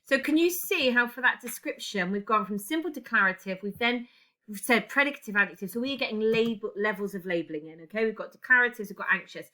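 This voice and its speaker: Woman teacher going through an essay answer out loud, bright clear voice, keys clacking as she types. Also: fairly high pitch, fast talker. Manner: talks while typing, thinking aloud. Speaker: English teacher. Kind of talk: recorded exam-writing lesson.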